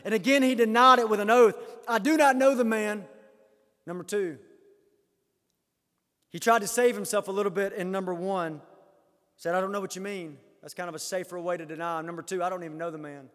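A man preaching a sermon, acting out quoted lines dramatically and swinging from loud to hushed. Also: high-pitched, steady tone, fairly quick. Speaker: pastor. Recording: hall reverb.

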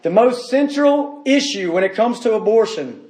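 An earnest pastor preaching to his church, leaning on repeated phrases and rhetorical questions. His voice sits high for a man. The sound carries the roomy echo of a church sanctuary. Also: animated, normal speed, a little mellow. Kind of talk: sermon.

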